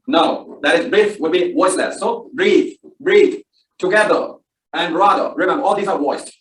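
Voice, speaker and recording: High-pitched guy teaching th sounds in a video, word then its wrong version, far off and echoey. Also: normal speed, fairly bright tone. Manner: contrastive drilling, word then its wrong form. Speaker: video presenter. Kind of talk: recorded pronunciation tutorial. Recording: distant roomy video playback.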